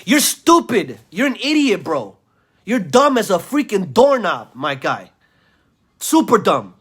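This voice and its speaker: A man's voice: high-pitched, big pitch swings, measured pace, a bit bright, husky. A man ranting in a video commentary, insulting his listeners, repeating himself and stammering through restarts. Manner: insulting, repetitive, heated rant. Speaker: vlogger.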